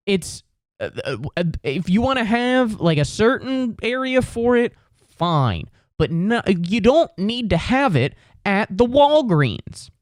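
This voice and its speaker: A young man hosts a comedy podcast, ranting with exasperated sarcasm, swearing and jumping into put-on voices for the people he quotes. His voice is high-pitched, and the studio sound is clean with no echo.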